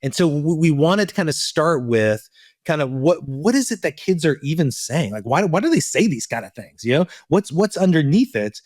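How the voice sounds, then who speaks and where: A man's voice: a little high, normal speed, no room sound, clean studio sound. A middle-aged man co-hosting a parenting podcast in casual chat, telling stories and acting out quotes. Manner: storytelling, acts out quotes with lively voices. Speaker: podcast co-host and parenting coach.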